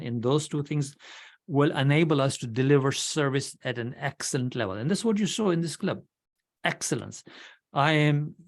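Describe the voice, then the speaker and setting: Blunt club leader giving an orientation. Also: male voice, medium pitch. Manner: blunt and direct, with many restarts. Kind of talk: orientation talk at a club meeting. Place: online video meeting.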